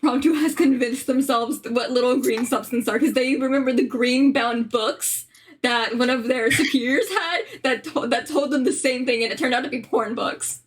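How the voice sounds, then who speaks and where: A woman playing a tabletop game, chatting in a quick, amused way. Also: high voice, husky. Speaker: player.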